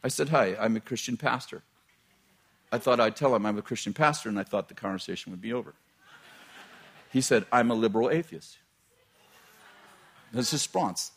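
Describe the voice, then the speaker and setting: A man's voice: on the low side, a little fast, pauses often, fairly bright tone, breathy edge. A middle-aged man, a pastor, telling a personal story in a sermon, chatty and laughing at his own jokes, often breaking off mid-sentence.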